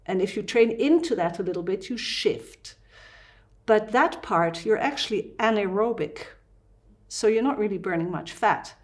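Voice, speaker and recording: A woman fasting doctor with a Dutch accent, explaining fitness and breathing in an interview with lively asides. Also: medium pitch.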